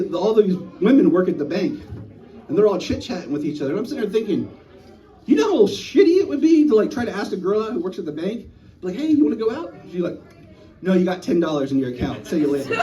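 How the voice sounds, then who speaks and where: Animated male stand-up comic, heard from a distance. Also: high voice. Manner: animated storytelling, acting out voices. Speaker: stand-up comedian. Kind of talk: stand-up comedy set. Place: small live venue. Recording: voice from a distance in a small room.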